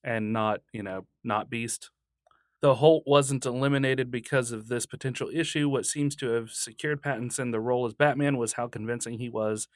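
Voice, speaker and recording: A man co-hosts a podcast in loose, casual chat, laid-back and quick to laugh, tossing in the odd swear word. His voice sits in a middle range. The studio sound is close and dry. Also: mid-range voice, fairly even intonation, no echo. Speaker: podcast co-host. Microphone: studio mic.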